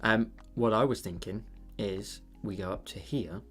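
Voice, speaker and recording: A man chatting casually on a livestream while he paints, rambling and thinking out loud with many fillers. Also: lowish voice, a little slow, soft background music.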